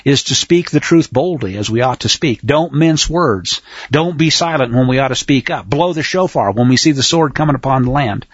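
Male bible teacher, husky, lively pitch swings, blunt and emphatic, dry dull recording. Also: no room sound. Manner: emphatic, blunt, preacherly, swings between loud and low. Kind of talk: Torah teaching sermon.

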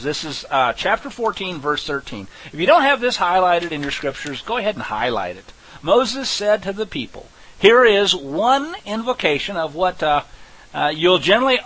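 A man teaching scripture verse by verse, animated and conversational with folksy asides. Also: high-pitched, rough recording. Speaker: Bible teacher.

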